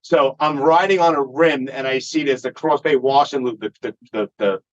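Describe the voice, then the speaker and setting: At a moderate pace and in a mid-range voice, a male podcast guest tells a long, wandering story in casual chat, cursing freely throughout. The audio is dull and lo-fi.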